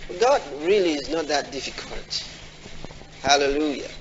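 A man's voice: lively intonation, moderate pace, a little hiss or hum. Man preaching in an echoing hall. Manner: call-and-response questions to the congregation; acts out quoted people in a high pitch. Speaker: pastor. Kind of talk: sermon. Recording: dull audio in a large reverberant hall.

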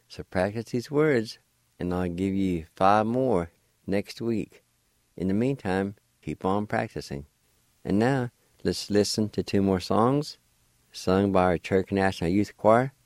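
Male radio host teaching a language: very deep, unhurried, spells words letter by letter. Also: gravelly, a little mellow, no echo.

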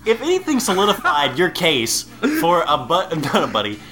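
Bright playful man on a podcast. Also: a little high, huge pitch swings, normal speed. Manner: playful, laughing storyteller. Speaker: podcast co-host. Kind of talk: casual chat.

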